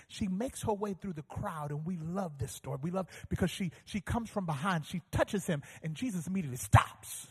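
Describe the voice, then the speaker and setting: A man preaching a sermon as pastor, telling stories with animation and building to fervent shouting. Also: sits high, a little fast, hardly any pauses, slightly rough, in a large hall.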